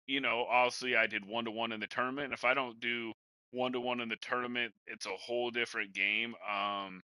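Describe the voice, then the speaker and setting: A young Madden gamer hosts a casual podcast, hiccuping as he drifts through a laid-back chat and calls his cohost "bro" and "man." His medium-pitched voice comes across pushed and bright in a low-quality recording without echo.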